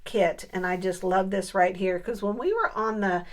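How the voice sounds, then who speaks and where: A woman's voice: mid-range voice, normal speed. Chatty middle-aged woman crafting on camera. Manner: chatty, thinks aloud while working; asks viewers questions. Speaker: papercraft vlogger. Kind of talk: casual crafting tutorial.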